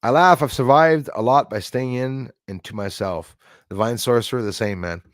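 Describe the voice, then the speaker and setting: This middle-aged Canadian man speaks at medium pitch and moderate speed while hosting a live stream. He rambles casually through the viewer comments he reads aloud, laughing frequently along the way. Audio is dry and of studio quality.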